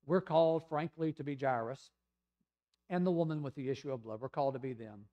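A middle-aged man with a Southern American accent preaching a sermon in a conversational way, reading quotes aloud and swinging between loud emphasis and hushed asides. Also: medium pitch, brisk, highs cut off. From Tennessee, USA. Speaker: pastor.

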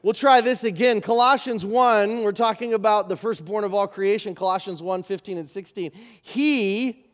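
A man preaching a sermon as pastor, animated, moving from loud emphasis to quiet asides. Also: high voice, normal speed. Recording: live church service.

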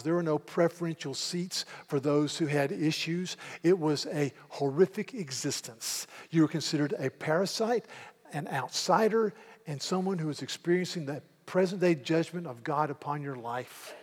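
A man's voice: fairly high pitch, measured pace. Male pastor preaching emphatically, restarting in doubled words, set in a reverberant hall. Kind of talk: sermon.

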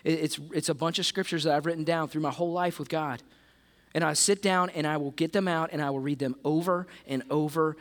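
A middle-aged male pastor preaching a sermon, animated, acting out the disciples and Jesus in quick voices. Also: fairly high pitch.

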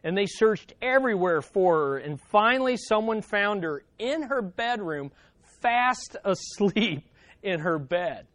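Dynamic preacher with hushed asides. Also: mid-range voice, lively intonation, unhurried, dry recording. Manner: conversational, addressing the congregation directly. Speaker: pastor. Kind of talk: sermon.

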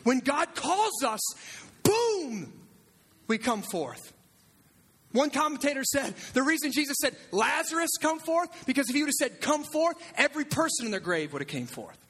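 A man preaching a sermon as pastor, animated, swinging between loud shouts and hushed near-whispers. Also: very high-pitched, brisk, husky.

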